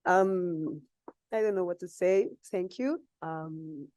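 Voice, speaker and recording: Woman, Spanish accent, emotional award speech, halting English, dry sound. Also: fairly low pitch, darkish tone, dry recording. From Spain. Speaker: award winner. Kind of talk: unprepared acceptance speech.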